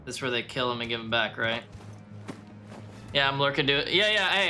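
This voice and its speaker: Dude streaming a game, crisp bright voice, cracking crude jokes at chat, some quiet music under it. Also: male voice, mid-range voice, brisk. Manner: joking, crude, talks straight to chat. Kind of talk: casual gameplay chat with viewers.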